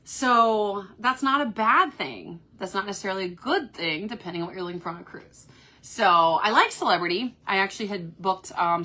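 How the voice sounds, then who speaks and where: Sex: woman. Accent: Kentucky. Style: chatty live-stream cruise host, bright voice. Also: fairly low pitch. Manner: chatty, upbeat, reads viewer comments aloud. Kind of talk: casual live-stream chat. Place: cruise ship cabin.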